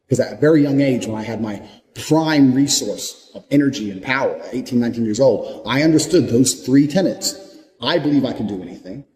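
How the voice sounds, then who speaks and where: A young adult man delivers a blunt, profane motivational monologue with hard conviction. His mid-range voice is a little mellow, and the echoey room adds long reverb.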